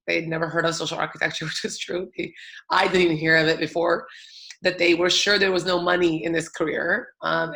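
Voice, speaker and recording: A young woman tells a personal story in an earnest, emphatic manner. Her voice sits low and stays fairly level, with a gravelly edge throughout. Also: sharp tone. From United States. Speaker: public speaker.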